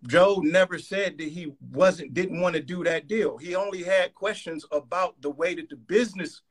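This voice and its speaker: A man in a heated argument on a live call, staying calm while pressing pointed questions. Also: sits high, moderate pace, slightly rough.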